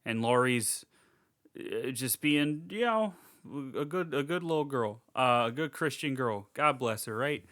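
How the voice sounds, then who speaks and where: A man co-hosting a podcast, rambling casually through a movie recap, laughing and throwing in quick character voices. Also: mid-range voice, a bit bright, no room sound, clean studio sound. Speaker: podcast co-host.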